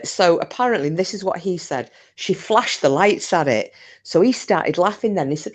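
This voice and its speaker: A woman's voice: on the low side, lively intonation, moderate pace, a little mellow. A woman, casually telling a ghost story in a chatty, rambling way, with swearing and restarts. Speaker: channel host.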